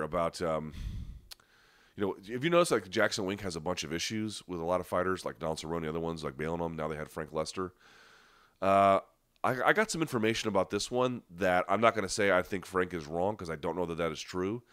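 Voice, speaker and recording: A man with a deep voice and a stuffy nose chats casually with viewers on a live stream. He restarts sentences often and leans hard on his points. The sound is close and dry, with no room around it. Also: a bit bright, dry recording. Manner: conversational, frequent restarts and fillers, emphatic asides. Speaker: livestream host. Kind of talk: casual live chat answering viewer questions.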